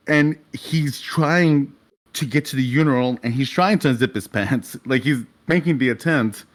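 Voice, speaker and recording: A man's voice: medium pitch, moderate pace. A young adult man narrating a tabletop game as game master, in a vivid, casual way with swearing.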